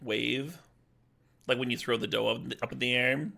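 With a gravelly, mid-range voice and a moderate pace, a man streams a card game draft. He keeps things casual and jokey, and swears when he's excited.

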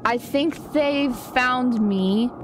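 A young woman streaming a video game, reacting excitably with frequent gasps and laughter as she chats casually. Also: high-pitched, extremely slow, slight background noise. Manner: excitable, gasping and laughing often. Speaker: gaming streamer. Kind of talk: casual gameplay commentary.

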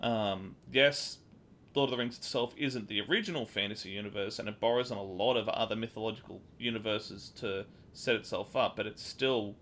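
A man's voice: on the low side, fairly bright tone, a little hiss or hum. An Australian man hosting a casual podcast, rambling with fillers and laughing often. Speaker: podcast host.

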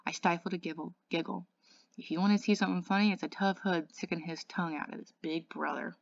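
A woman reads a novel aloud at a steady pace in a fairly low voice, with small slips and restarts. The recording is dry and slightly dull, like a modest home setup. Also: quick pace, creaky, no echo. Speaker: English tutor.

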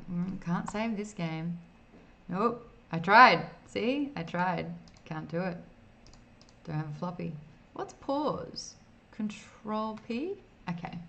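A woman's voice: fairly low pitch, creaky, sharp tone, slight background noise. A woman streaming an old computer game in casual, self-mocking commentary, reading game text aloud as she plays.

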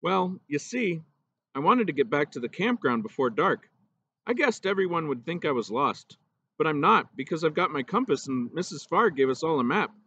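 A man's voice: fairly high pitch, big pitch swings, moderate pace, sharp tone, breathy edge, dull audio, voice pushed up, exaggerated voice. A man voicing an earnest young schoolboy in a storybook reading, with polite, eager replies.

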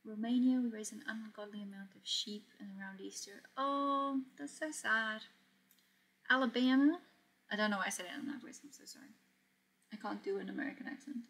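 A woman's voice: medium pitch, little pitch movement, quick pace, slightly rough. A young woman hosting a casual sewing livestream, chatting easily, reading out comments and laughing often as she works. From Portugal. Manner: chatty, reads chat aloud, laughs often. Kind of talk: casual live-stream chat while sewing.

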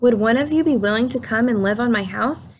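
Hermit Crab, a gentle male crab from a children's storybook, polite and eager, speaks in a bright, admiring voice that sits a little high. A woman voices him as she reads aloud, with a faint hiss behind her. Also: brisk, lightly acted.

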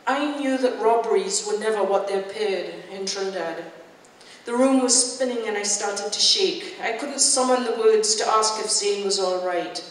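A woman, an author, giving a live reading of her fiction in measured, intense first-person storytelling. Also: medium pitch. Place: festival event hall. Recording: echoey hall from far off.

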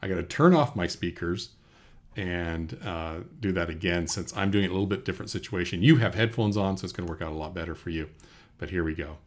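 A man teaching a software recording lesson at his computer, talking through each step in a relaxed way with fillers, into a desk microphone indoors. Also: deep voice, fairly quick, a little hiss or hum. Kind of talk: screen-recorded software tutorial. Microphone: USB desk microphone.

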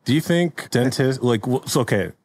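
A man's voice: mid-range voice, expressive, moderate pace, darkish tone, no room sound. A man hosting a comedy podcast, laid-back and rambling, laughing often in casual chat. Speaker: podcast host.

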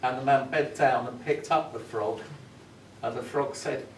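A visiting professor with a steady, medium-pitched voice and some vocal fry leads a university music workshop, speaking a little slowly. He thoughtfully explains ideas and tells a story in an instructive way, recorded from far off in a roomy, noisy classroom.

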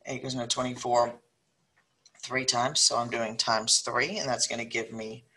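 A middle-aged woman with a South Louisiana accent teaches a recorded math lesson. Her voice is bright and clear. She works the problems aloud, thinking as she goes and slowing down to spell out the numbers. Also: rumbling low, steady tone. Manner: thinks aloud, slows down when dictating numbers.

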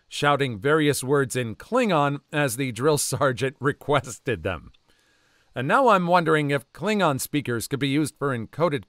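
A man reads online stories aloud, jumping in with quick asides of his own. His voice is mid-pitched and moves freely up and down. The recording is close and dry. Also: no echo. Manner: animated storytelling with quick asides. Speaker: story narrator.

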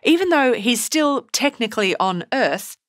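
A woman teacher giving a scripted poetry lesson in a measured, explanatory way. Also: a little high, very animated, no echo, clean studio sound. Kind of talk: scripted narration.

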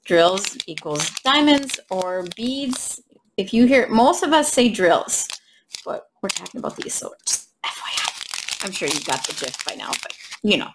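A woman vlogger chatting casually while unboxing crafts, reading drill numbers slowly and gushing softly over the colors. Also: mid-range voice, big pitch swings, noisy background. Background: crinkling bags and clicks.

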